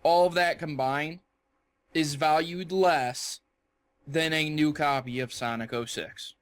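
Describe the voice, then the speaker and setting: A young man co-hosting a podcast in casual chat, joking and laughing with quick bursts of excitement. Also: on the high side, no room sound. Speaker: podcast co-host.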